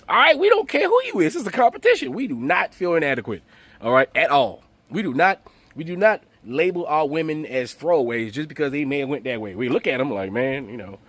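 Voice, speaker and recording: A man's voice: high voice, no echo. A man hosting his channel, delivering a profane, mocking comedic rant full of rhetorical questions. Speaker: channel host.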